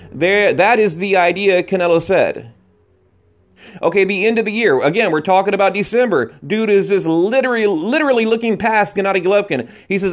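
A man's voice: high-pitched, fairly quick, soft background music. A man hosting a boxing channel, ranting casually and rambling with lots of restarts. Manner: rambling, rants with frequent restarts. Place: late-night home recording.

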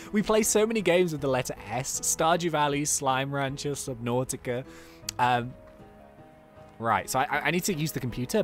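Lively, excitable gameplay commentator. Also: medium pitch. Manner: excitable, chatty, laughs often. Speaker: let's-play host.

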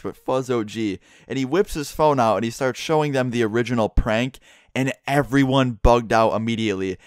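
A man's voice: mid-range voice, no echo, clean studio sound. A young man retelling a party story casually, acting out his friends' lines and swearing a lot. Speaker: vlogger.

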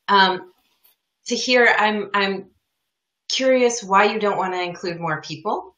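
Bright low-voiced woman in an echoey room. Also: a little slow, long pauses. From northern United States. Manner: thoughtful, with many fillers. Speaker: co-host. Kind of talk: casual advice talk.

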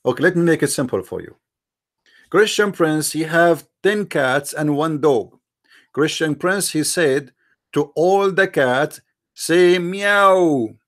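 Slightly high and slightly slow, this male live-stream host comments on a religious debate in a mocking, argumentative way. He stacks up rhetorical questions aimed at his viewers, speaking non-native English and restarting his sentences often.

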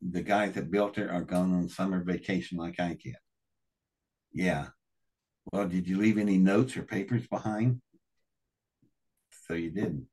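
A man's voice: deep voice, measured pace, long pauses, slightly rough. An older man as an interview guest, telling a personal story with strong feeling, acting out the dialogue and swearing now and then. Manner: animated, acts out quoted dialogue, swears. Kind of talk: emotional first-person storytelling.

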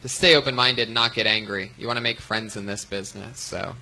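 A man's voice: on the low side, steady tone, fairly quick, background noise. A man hosting a live comedy show, teasing and sarcastic as he gives feedback. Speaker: host. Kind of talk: live comedy panel banter.

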